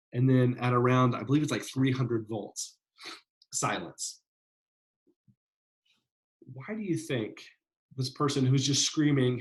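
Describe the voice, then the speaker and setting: A male lecturer explains a psychology study in a loose, chatty way. He speaks at a middle pitch and keeps checking in with his listeners. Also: a little slow, poor audio. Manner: conversational, many fillers and "right?" checks. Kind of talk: classroom lecture.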